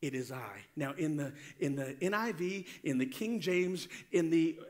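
A man's voice: fairly high pitch, expressive, unhurried. A man preaching a sermon as pastor, fervent, drawing call-and-response from the congregation.

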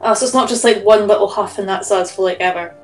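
A woman at a tabletop game thinks out loud, hesitant and casual. Her pitch sits in the middle of the range, and music plays clearly behind her. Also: fairly even intonation, quick pace. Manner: musing, hesitant. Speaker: player. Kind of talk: casual chat.

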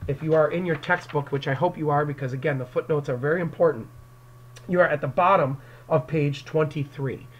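This English teacher has a highish voice and talks a little fast as he records a lecture on an external microphone. He addresses his students, explains the story, and performs its quotes, while the audio has its highs cut off and faint background noise.

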